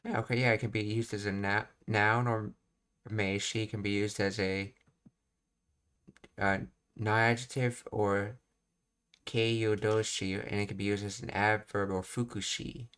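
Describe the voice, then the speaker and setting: A man works through a language lesson on a live stream, reading explanations and pausing to ask himself questions. His voice sits low and stays flat. Keyboard typing is heard behind him. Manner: thinking aloud, reading explanations, self-questioning. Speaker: language teacher.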